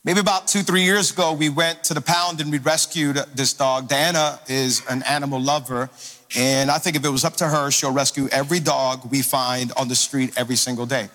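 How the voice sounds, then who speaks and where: Energetic pastor in a reverberant hall. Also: male voice, medium pitch, brisk. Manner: energetic and playful, calls out to the crowd. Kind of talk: sermon. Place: church sanctuary. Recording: long hall reverb with faint music.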